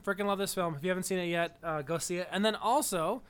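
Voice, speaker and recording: Casual podcast co-host, male, fairly high voice, rambling enthusiasm. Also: fast, a bit bright, clear, resonant tone. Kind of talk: casual chat.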